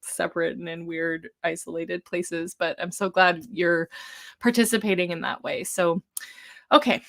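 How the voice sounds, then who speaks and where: A woman leading a live-streamed vocal warm-up as a voice coach, talking gently and encouragingly in a casual way, with some ums. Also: lowish voice, fairly even intonation, moderate pace, gravelly.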